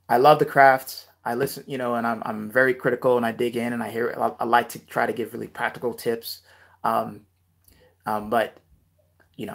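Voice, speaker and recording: A man's voice: mid-range voice, gravelly. A man hosting a casual live Q&A, giving rap tips and reading viewer comments aloud with lots of fillers.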